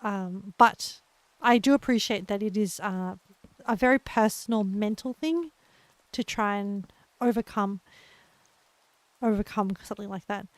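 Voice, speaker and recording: A young woman with an Australian accent, chatting gently and encouragingly with her live viewers as a streamer, laughing often. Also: mid-range voice, a little slow, long pauses, no echo. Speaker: livestreamer. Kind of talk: casual chat with live viewers.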